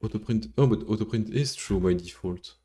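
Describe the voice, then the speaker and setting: Fairly quick and warm-toned, on the low side, this French-native streamer thinks aloud while coding live. He rambles, drops casual swears and chats with viewers in between steps.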